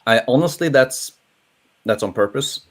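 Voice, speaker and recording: Young man, Norwegian accent, non-native English, casual panel talk, lively and self-interrupting. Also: mid-range voice, moderate pace. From Norway. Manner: rambling, animated, many restarts.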